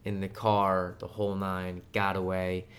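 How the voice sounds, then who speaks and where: A man in casual chat, telling stories loosely and profanely, with bursts of loud joking. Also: deep voice, monotone, unhurried.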